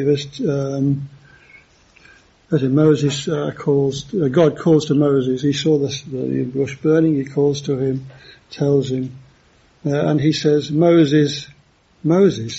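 A man preaching a sermon in a halting way, with many fillers and restarts. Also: a little high, creaky, warm tone, husky, lo-fi sound.

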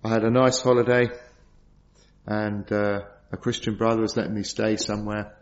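A man's voice: on the low side, little pitch movement, moderate pace. A middle-aged man preaching a sermon, earnest and storytelling, asking rhetorical questions. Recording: dull lo-fi sound.

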